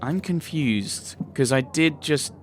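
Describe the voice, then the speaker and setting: A man's voice: on the high side, expressive, takes it slowly, noisy background. A man hosting a let's play, thinking aloud with wry, puzzled asides while reading game dialogue.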